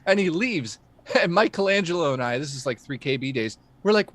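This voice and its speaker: A man from Canada telling a long, lively story in casual livestream chat, swearing and laughing as he goes. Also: a little high, a little fast.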